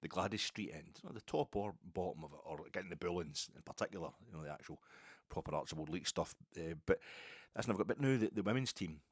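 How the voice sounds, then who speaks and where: A Scottish man with a notably low voice, talking at length on his own podcast in a loose, wandering way and drifting into side remarks. The recording sounds close and very dry. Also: lively intonation, fast talker, breathy edge, no room sound. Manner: rambling, digressive, chatty with asides. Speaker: podcast host. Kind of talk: solo football podcast monologue.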